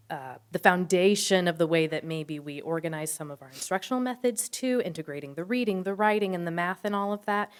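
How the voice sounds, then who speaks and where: A woman's voice: fairly low pitch, clean tone. A woman teacher speaking earnestly and explaining at a school board meeting. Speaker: third grade teacher.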